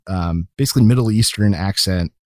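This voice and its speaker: Brief: male podcast co-host, lowish voice, dry close sound, rambling self-correcting storyteller. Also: a little fast, a little mellow, no room sound. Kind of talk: casual chat.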